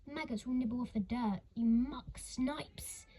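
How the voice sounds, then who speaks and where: A woman's voice: high voice, very animated, slow, slight background noise, full character voice. A woman reading a storybook voices a cruel, warty old woman who runs an orphanage, sniggering and barking insults. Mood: gleefully cruel.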